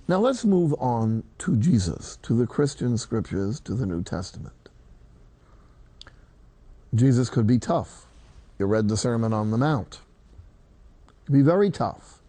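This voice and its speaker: A man's voice: mid-range voice, sing-song, a little slow, pauses often, dark tone, dry recording. An older man, a priest, preaching a sermon in a folksy, emphatic way, quoting scripture.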